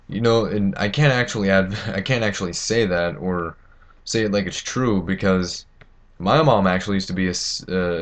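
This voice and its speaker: A teenage boy ranting to camera, indignant and rambling, with many fillers and restarts. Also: on the low side. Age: teens. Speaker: vlogger. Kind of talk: opinion rant to camera.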